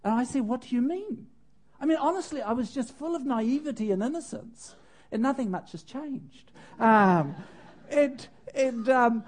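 An older preacher shares a personal story during a sermon, full of lively, self-deprecating humor as he laughs at himself. His voice is very high-pitched and his pace is normal.

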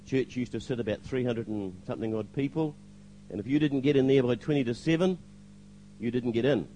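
A man's voice: medium pitch, fairly quick, dark tone, a little hiss or hum, poor audio. An older man giving a spoken testimony to a church congregation, hesitant with fillers, now and then acting out the lines he quotes.

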